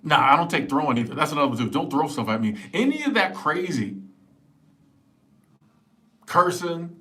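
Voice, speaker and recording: A man in his forties hosting a casual live stream, answering viewers in an animated, emphatic, joking way on a small clip-on mic. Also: a little high, moderate pace. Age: 40s. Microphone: small wireless clip-on mic.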